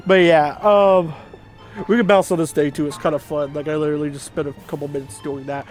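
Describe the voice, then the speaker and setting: A man's voice: on the high side, fairly even intonation, normal speed, faint music behind. A man giving casual let's play commentary, rambling and laid-back, with frequent fillers and swearing. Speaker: gaming video host.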